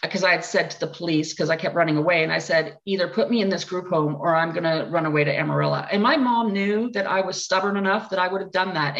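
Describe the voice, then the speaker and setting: A middle-aged woman, a podcast interview guest, telling her life story in a lively, candid way with self-mocking asides. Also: lowish voice, vocal fry. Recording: dull lo-fi recording.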